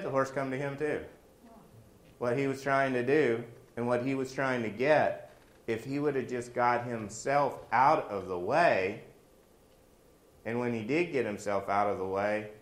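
A man's voice: medium pitch, measured pace, echoey room. A man preaching a sermon in a folksy, joking way, weaving personal stories into his message.

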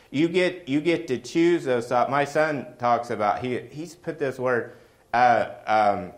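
A middle-aged man with a mid-range voice preaches a sermon in a conversational style, frequently putting questions to the congregation.

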